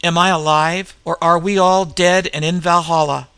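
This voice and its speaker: Brief: narrator doing a stunned barbarian fighter, gravelly and crisp, low-key and bewildered. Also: male voice, little pitch movement, normal speed, sharp tone, no echo. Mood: dazed. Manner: dazed, hoarse-edged plain speech. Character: battle-dazed barbarian warrior, grim young man.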